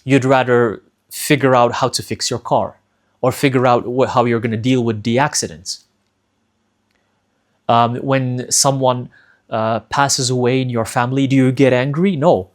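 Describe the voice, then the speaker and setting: Male spiritual teacher, middle pitch, earnest and direct, repeats key points. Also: fairly even intonation, normal speed. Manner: addresses listeners directly. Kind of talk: motivational spiritual talk.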